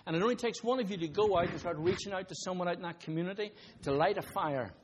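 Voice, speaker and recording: Conversational preacher, slightly high voice. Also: male voice, fast, in a large hall, background noise. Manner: conversational, rising to emphatic bursts, asides to the congregation. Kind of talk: sermon with a told story.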